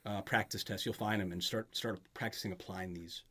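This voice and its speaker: Crowd noise can be heard as a man with a fairly low, steady voice tutors a student in grammar at a fairly quick pace. The conversational session is patient, with frequent checks that she understands.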